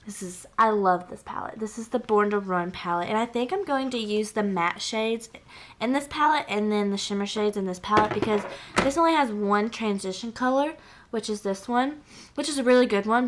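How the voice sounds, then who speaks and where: Young female beauty vlogger, a bit high-pitched, excitable and rambling, casual get-ready chat. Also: fairly quick, noisy background. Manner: chatty, gushing, filler-heavy. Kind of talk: casual makeup tutorial chat.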